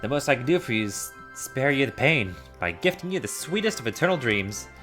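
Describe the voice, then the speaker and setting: A man's voice: medium pitch, sing-song, fairly quick, fairly bright tone, faint music behind. A man putting on a vain, doting fey spirit. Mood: grand.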